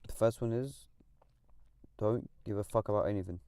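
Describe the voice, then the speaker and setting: Low mellow man, terse and mumbly. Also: fairly even intonation, moderate pace, clear, resonant tone, dry recording, clean studio sound. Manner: laconic, mumbly, terse answers. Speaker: podcast co-host. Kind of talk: casual chat. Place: parked car. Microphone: handheld mic.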